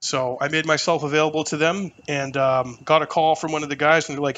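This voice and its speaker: Brief: podcast guest, man in his thirties, a touch high-pitched, loose and profane storyteller. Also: fairly quick, hardly any pauses. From New Hampshire. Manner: animated, profane, lots of fillers. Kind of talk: casual storytelling conversation.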